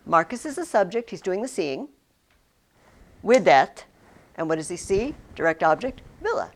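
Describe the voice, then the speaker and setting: A woman teaching a Latin class in a classroom, explaining slowly with frequent restarts. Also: mid-range voice, sing-song. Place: classroom with students.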